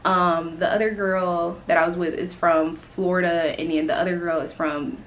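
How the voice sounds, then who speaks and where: A young woman from Indiana with a Southern accent, telling a casual vlog story in an animated, swearing way. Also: lowish voice, slight background noise. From Indiana, United States. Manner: animated, swears freely, quick to laugh. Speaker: vlogger.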